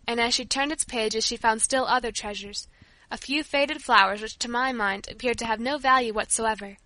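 A woman narrating a children's story in a steady, gentle reading manner. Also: a little high, no room sound.

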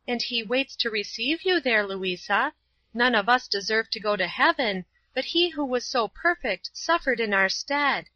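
A woman's voice: fairly high pitch, pushed and bright, dry recording, highs cut off, heavily acted. A woman playing an earnest, pleading young woman.

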